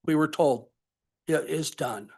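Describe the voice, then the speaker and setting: An older man giving public comment at a college budget meeting, emotional and halting as he speaks. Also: a little high, gravelly, slightly rough.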